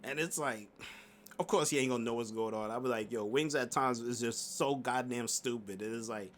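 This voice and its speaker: A man talking casually in a mid-range voice, retelling a livestream in loose, slangy commentary. He rambles with plenty of fillers and restarts and breaks into laughter often, his voice jumping up when he gets animated. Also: medium pitch, normal speed, a little hiss or hum. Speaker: commentary YouTuber. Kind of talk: casual stream recap commentary.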